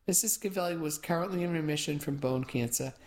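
A woman's voice: low voice, quick pace, a little mellow. A woman giving first-person audiobook narration with wry, dry asides.

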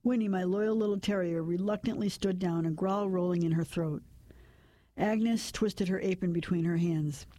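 A woman narrating a first-person story, reading it in a measured, steady way. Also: on the low side, no echo.

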